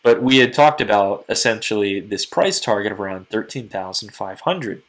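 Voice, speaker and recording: A man hosting a crypto market commentary channel, talking quickly and earnestly to his viewers late at night, a little tired. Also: on the low side, lively intonation. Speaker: crypto market analyst host. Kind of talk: casual market commentary to camera.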